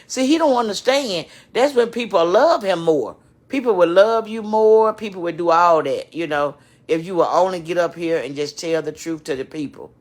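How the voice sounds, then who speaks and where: A woman, tearful, talking straight to her viewers in an emotional, repetitive, preachy rant. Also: low-pitched. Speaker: vlogger addressing her channel. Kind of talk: emotional live-stream rant.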